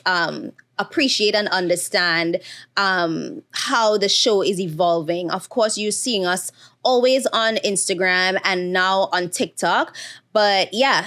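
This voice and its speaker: A woman's voice: medium pitch, a bit bright. A woman in her thirties hosting her own podcast, talking candidly with lots of fillers and fighting back tears. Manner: candid, chatty, emotional with frequent fillers. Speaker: podcast host. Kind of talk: casual solo podcast monologue.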